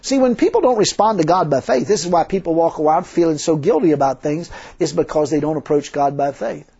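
A man's voice: a little high, expressive, fairly quick, dark tone, slightly rough. A man preaching a sermon in a folksy, emphatic way, full of rhetorical questions. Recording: dull lo-fi sermon recording.

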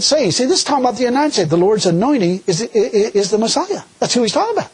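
A man preaching a sermon in a folksy, animated way, full of rhetorical questions. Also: very high voice, fast talker, husky.

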